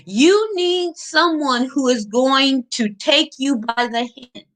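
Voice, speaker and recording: Brief: emphatic woman motivational coach, high bright voice, preachy. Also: takes it slowly. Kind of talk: live motivational talk.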